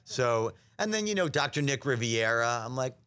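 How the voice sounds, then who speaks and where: A man from New York, a voice actor guest telling animated stories in a casual interview, slipping into impressions. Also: medium pitch, moderate pace, clear, resonant tone. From New York, USA. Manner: animated storyteller, slips into impressions.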